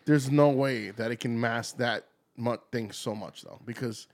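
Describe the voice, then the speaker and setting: A man's voice: mid-range voice, a little slow. A man co-hosting a casual drink-tasting chat, talking loosely, swearing and joking. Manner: casual, profane, playful. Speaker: co-host.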